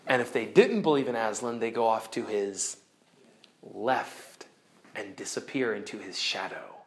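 A woman teacher retelling a story to her class, animated, swinging from bright exclaims to hushed, low dramatic moments. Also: a little slow.

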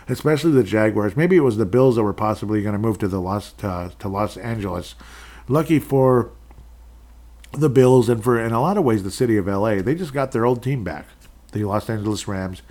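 A lowish-voiced young man talking football on his own podcast, wandering off into tangents and stumbling over names. He doesn't edit out mistakes. He chuckles at them and pushes on, and his voice climbs sharply when something annoys him. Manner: rambling, self-correcting, laughs at own slips; gets loud and high-pitched when ranting. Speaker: podcast host. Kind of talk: solo sports podcast chat.

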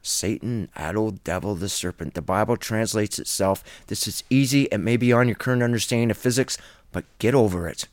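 A man giving a solo Bible teaching video in an earnest, insistent, preacherly way, sometimes halting and restarting as he improvises. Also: fairly low pitch, dry recording.

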